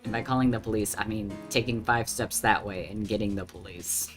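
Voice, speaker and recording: A man's voice: on the low side, fairly even intonation, brisk. A man streaming a video game, making casual joking asides over background music.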